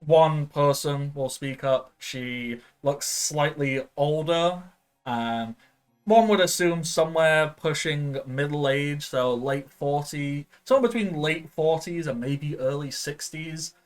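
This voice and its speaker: A man's voice: a little high, slow pace, soft background music. A man as game master narrating a tabletop game, chatty and loose with many fillers.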